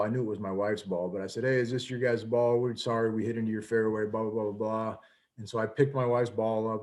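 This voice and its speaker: A man's voice: lowish voice, darkish tone. A man in his fifties, a coach giving a casual lecture over a video call, talking earnestly with many fillers and restarts.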